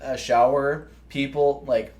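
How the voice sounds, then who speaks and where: A young man co-hosting a podcast, telling animated, profanity-laced stories in casual chat. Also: medium pitch, slow pace. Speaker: podcast co-host.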